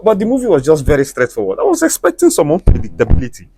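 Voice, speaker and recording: A man's voice: on the high side, wildly swooping pitch, racing, noisy background. Chatty Igbo-accented Nigerian man. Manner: chatty, preachy, uses conversational tags. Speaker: movie reviewer. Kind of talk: casual opinionated review.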